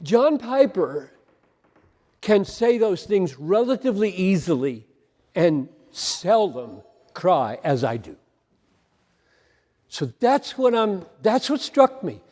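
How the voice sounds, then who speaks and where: High-voiced man preaching in a reverberant hall. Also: sing-song, slow, pauses often, darkish tone. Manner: earnest, emphatic preaching with repeated phrases. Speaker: pastor. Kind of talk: sermon.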